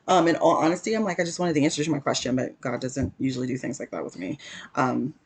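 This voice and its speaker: A woman's voice: extremely low pitch, quick pace. A woman casually teaching a spiritual lesson to camera, earnestly recounting a story with frequent self-corrections.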